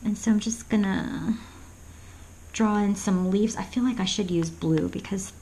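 Unhurried and warm, a woman of medium pitch chats through a painting demo while the poor audio carries a little hiss or hum. The art vlogger rambles with plenty of ums and hesitation, slips into whispers often, and chuckles at her own jokes.

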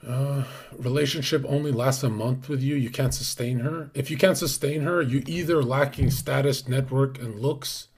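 A man hosting a livestream, talking in a brash, crude, casual way and sometimes dropping to a hushed whisper. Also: mid-range voice, fairly even intonation, moderate pace, breathy edge. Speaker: streamer host.

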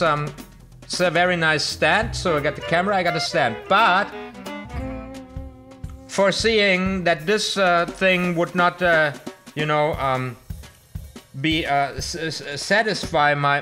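A man talking to camera as he sets up his streaming gear. He rambles through a lot of fillers and restarts, and curses when things go wrong. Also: fairly high pitch. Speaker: vlogger setting up streaming gear. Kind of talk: unscripted self-talk to camera. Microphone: desktop USB microphone under test.

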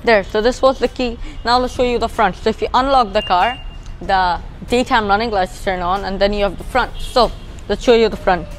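A woman's voice: medium pitch, moderate pace, faint music behind. Chatty Bangladeshi-accented woman reviewing a car. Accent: Bangladeshi English. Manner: chatty, explanatory, points things out as she goes. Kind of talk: casual walkaround car review. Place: outdoors beside a parked car.

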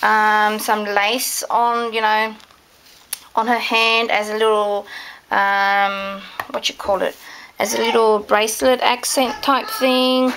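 A woman's voice: fairly high pitch, little pitch movement, slow, a bit bright, a little hiss or hum. A woman explaining sewing steps in a casual, chatty home tutorial, gushing over her handmade dolls. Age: adult with children. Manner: chatty and gushing, with many fillers. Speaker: craft tutorial maker.

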